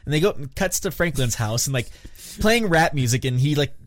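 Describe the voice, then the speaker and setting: A man co-hosting a podcast, chatting casually and quickly retelling a movie's plot with swearing. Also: a little high, animated, dry recording, clean studio sound. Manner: rapid retelling with profanity. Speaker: podcast co-host. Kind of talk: casual movie recap chat.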